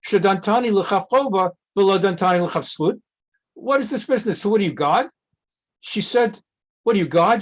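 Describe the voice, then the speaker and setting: A middle-aged rabbi leads a relaxed text class, reading out Hebrew lines and then explaining them in plain talk. His voice jumps up when he acts out what the figures say. He digresses often before returning to the passage. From America. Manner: reads Hebrew text and translates it with asides; animated, jumps up in pitch when acting out quotes. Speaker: rabbi teaching a Bible class. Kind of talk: conversational Torah class.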